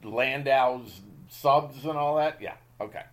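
A man's voice: medium pitch, slow pace. A man in his thirties hosting a casual podcast chat, teasing his friend and laughing often. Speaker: podcast host.

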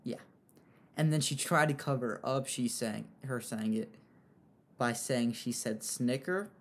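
A young man giving casual, rambling commentary on an online feud, with frequent fillers and animated asides. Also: mid-range voice, a little slow. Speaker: commentary host.

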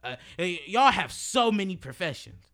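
A young man in his early twenties hosts a motivational monologue with a high, bright, forward voice. He talks emphatically and preachily in loose slang, swearing and hammering his points through repetition. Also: sing-song, normal speed. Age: early 20s. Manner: repeats phrases for emphasis. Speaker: podcast host.

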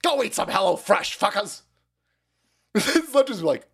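A man's voice: high voice, huge pitch swings, normal speed, creaky, a bit bright, breathy edge. A man hosting a live stream, ranting in a profane, sarcastic way. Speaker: streamer host.

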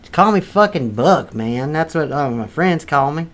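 A man's voice: fairly high pitch, lively intonation, moderate pace, a bit bright. A man playing a crude, foul-mouthed redneck landlord from North Carolina, blustering through an improvised comedy sketch. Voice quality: profane, blustering, drawling. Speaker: comedy podcast character.

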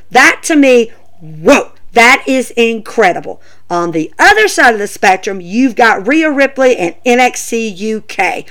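A woman with a fairly high voice that leaps up and down as she rants. She talks in a loose, casual way, full of "you know" and "come on". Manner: animated, ranting, lots of fillers. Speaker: podcast host. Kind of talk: casual wrestling commentary.

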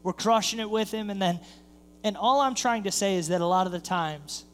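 High-voiced pastor preaching in a reverberant hall. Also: male voice, brisk, a bit bright, a little hiss or hum. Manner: storytelling, acts out quoted voices, builds in intensity. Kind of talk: sermon. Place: church sanctuary.

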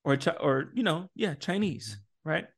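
Man, casual podcast co-host, slightly high voice, emphatic and laughing, rambling restarts. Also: a little slow. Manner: animated, emphatic, laughs often, restarts and asks for words. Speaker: parent.

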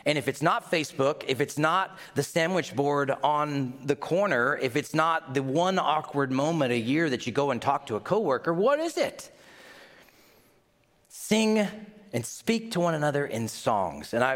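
A man's voice: medium pitch, expressive, moderate pace, fairly bright tone. A man with a Midwestern accent preaching a sermon as pastor, conversational, putting questions to the congregation and acting out little scenes in mock voices.

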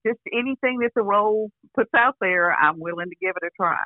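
An older actress chatting casually as an interview guest over a phone line, rambling with restarts and frequent "you know". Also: female voice, mid-range voice, brisk, no room sound. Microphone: phone call.

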